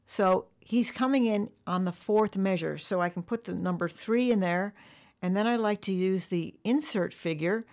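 A woman drum teacher walking through a software tutorial, explaining step by step. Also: on the low side. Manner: explanatory, counts bars aloud along with the music.

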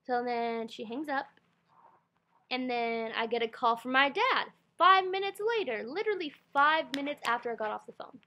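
Young woman, kinda high voice, rambly storytime at home, says like a lot, laptop mic. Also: moderate pace, highs cut off. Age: young adult. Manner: rambling, heavy use of "like", restarts. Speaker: vlogger telling her story. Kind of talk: casual storytime chat. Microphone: built-in computer mic.

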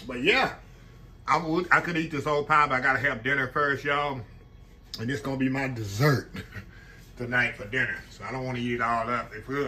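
A man's voice: mid-range voice, sharp tone, a little hiss or hum. A man hosting a casual home cooking vlog, folksy and chatty, talking straight to his viewers. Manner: chatty, folksy, keeps calling the audience y'all. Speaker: cooking channel host.

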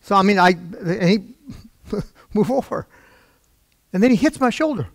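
A man's voice: high-pitched, expressive, moderate pace, creaky, no room sound. A male pastor preaching from the pulpit, telling a story in a conversational way and acting out the dialogue. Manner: conversational, acts out quoted dialogue. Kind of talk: storytelling sermon. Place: church pulpit.

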